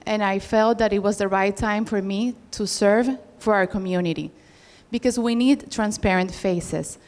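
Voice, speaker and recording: A middle-aged woman giving an earnest, measured campaign speech as a political candidate. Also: mid-range voice, a little mellow. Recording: hall reverb.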